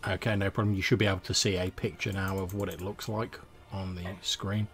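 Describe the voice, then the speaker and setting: A man's voice: low-pitched, little pitch movement, brisk, fairly bright tone. A man narrating as game master of a tabletop game, describing scenes with loose fillers.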